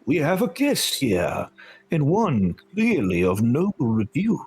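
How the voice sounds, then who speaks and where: A man voices a noble winged unicorn in a tabletop game. It speaks with calm authority in a slow, measured delivery. The voice has a husky edge. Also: on the high side, pitched above the performer's own voice, exaggerated voice. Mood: commanding.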